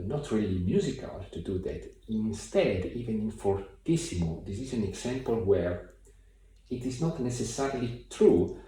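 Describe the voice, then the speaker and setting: A man giving a piano tutorial in a thoughtful, hesitant way, with many pauses and fillers, recorded from a distance in a room with a piano. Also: fairly low pitch, mellow. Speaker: piano teacher. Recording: very echoey room, mic far off. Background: piano playing.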